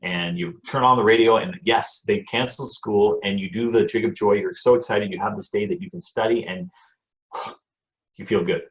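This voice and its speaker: Man, low voice, muffled lo-fi sound, energetic storyteller, motivational guest. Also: normal speed. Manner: storytelling, energetic, repeats words when starting phrases. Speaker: guest speaker and speaking coach. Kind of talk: motivational interview talk.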